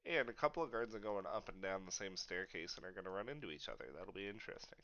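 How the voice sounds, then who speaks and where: A man narrating as game master of a tabletop game in a relaxed, low-key way with fillers. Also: fast talker, lo-fi sound.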